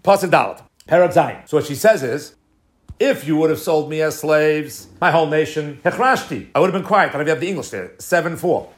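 A man teaching a Torah class as a rabbi, telling a story in a lively way and sprinkling in Hebrew and Yiddish terms. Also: fairly high pitch, fairly quick.

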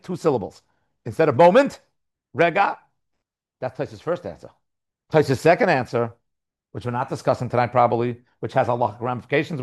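A man giving a Talmud class lecture, explaining lively, posing and answering his own questions and reading passages aloud. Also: mid-range voice. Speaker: Talmud teacher.

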